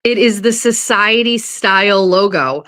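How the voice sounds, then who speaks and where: A woman chatting casually on a live stream from her kitchen table, excitable and swearing, often gasping and laughing. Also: mid-range voice, measured pace.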